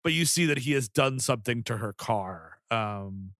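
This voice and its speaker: A man's voice: mid-range voice, expressive, moderate pace, a bit bright, no echo, clean studio sound. Rambling man recapping a plot. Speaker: podcast panelist. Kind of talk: casual comedy chat.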